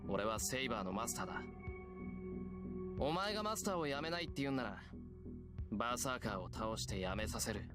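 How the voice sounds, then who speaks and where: A man's voice: medium pitch, animated, rapid-fire, long pauses, lightly acted. An actor voicing a resolute young man who firmly refuses to back down, in game voice acting. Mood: defiant. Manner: firm and defiant. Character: resolute young male swordsman's master, defiant. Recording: loud game music under the voice. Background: loud game soundtrack.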